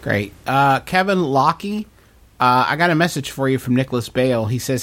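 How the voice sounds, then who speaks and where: A man's voice: medium pitch, lively intonation, moderate pace, fairly bright tone. A man reads listener messages aloud on a comedy podcast. His delivery is dry, and he slips teasing asides in as he reads. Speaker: podcast co-host.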